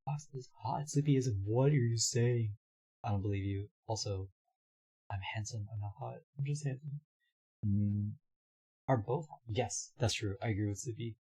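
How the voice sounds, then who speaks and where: A hoarse young man streaming live, chatting casually, reading his chat aloud and laughing often. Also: medium pitch, normal speed, warm tone.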